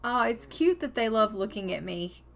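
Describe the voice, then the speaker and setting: A woman's voice: fairly high pitch, expressive, normal speed, vocal fry. Chatty woman narrating gameplay. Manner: chatty, cheerful, narrates with put-on character voices. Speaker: gaming video host. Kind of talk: casual gameplay commentary.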